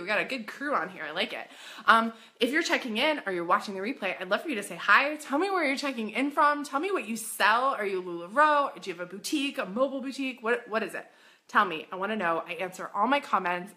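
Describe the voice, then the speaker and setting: A woman coaching boutique owners in a casual live stream, bubbly and excitable, chatty and full of "like.". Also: a little high. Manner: chatty, says "like" often.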